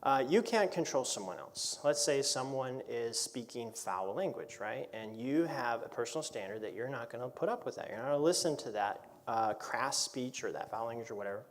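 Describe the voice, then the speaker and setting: Conversational pastor teaching Bible class. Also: male voice, medium pitch, lively intonation, a little fast, few pauses, a little hiss or hum. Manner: conversational teaching with rhetorical questions; reads scripture aloud in older English.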